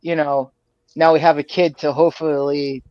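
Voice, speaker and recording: Give me a measured, hedging podcast guest with a dull, muffled recording. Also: medium pitch, flat delivery, dry recording. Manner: measured, hedging with "you know". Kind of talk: casual sports podcast chat. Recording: dull, dry, muffled sound.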